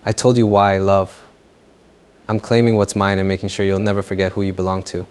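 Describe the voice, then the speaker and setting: Low-voiced, possessive, mocking young man, as a male actor reads him for an audio story. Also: level tone, darkish tone, clear, resonant tone, lightly acted. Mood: taunting. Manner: slow, taunting, mocking. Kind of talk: audio fan fiction role-play.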